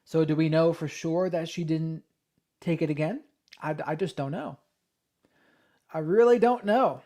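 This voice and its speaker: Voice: mid-range voice, dark tone. Stream host, casual true crime commentary, hesitant musing, mid-range voice. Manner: conversational, hesitant, thinking aloud. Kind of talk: livestream commentary, reading a transcript aloud.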